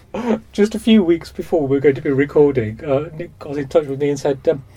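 A man's voice: on the high side, unhurried, breathy edge. A man, a producer, recalling a story in a chatty and amused way. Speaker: audio series producer. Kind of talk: casual interview.

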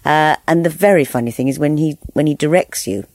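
An actress recalling a recording session in an interview clip, expressive and halting. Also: female voice, low voice, no echo. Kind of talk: interview soundbite.

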